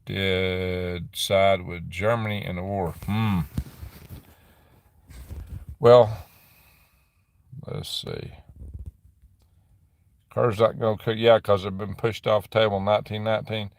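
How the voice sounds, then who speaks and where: A man's voice: fairly low pitch, little pitch movement, creaky, no echo. A middle-aged man hosting a casual live stream from a dim room on his property, rambling as he answers viewer comments. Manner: rambling, chatty, answers comments with quick laughs. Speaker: livestream host reading viewer chat.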